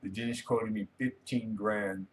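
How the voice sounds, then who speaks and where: A man's voice: on the low side, fairly even intonation, measured pace, a little hiss or hum. A man hosting a casual late-night livestream, rambling easily and reading viewer comments aloud. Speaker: livestream host.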